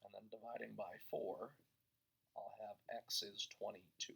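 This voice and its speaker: A man's voice: lowish voice, little pitch movement, unhurried, creaky, fairly bright tone, slightly rough. A man teaching a recorded math lesson, talking through each step aloud as he works it out. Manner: talks through steps aloud, thinking as he goes.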